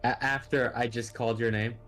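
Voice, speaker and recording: Man, tabletop player, joking, blunt, mid pitch, faint music behind. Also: flat delivery, fairly quick, fairly bright tone. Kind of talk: casual tabletop play.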